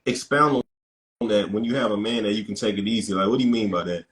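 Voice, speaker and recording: Measured man in an echoey room. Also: on the low side, fairly bright tone. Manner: measured, repeats phrases when making a point. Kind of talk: casual conversation.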